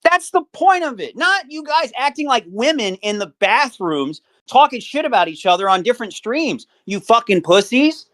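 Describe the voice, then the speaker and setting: Man, 30s, mocking, combative, swears a lot, lively swinging pitch, livestream call. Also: moderate pace, few pauses. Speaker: guest caller. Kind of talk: heated argument on livestream.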